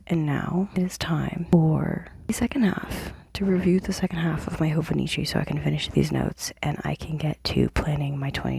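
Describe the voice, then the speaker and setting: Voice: mid-range voice, vocal fry, husky, no echo. A young adult host whispering a casual, rambling planner review into a close microphone in a home office before dawn. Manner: hushed whisper, rambling with fillers. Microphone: plugged-in microphone, close.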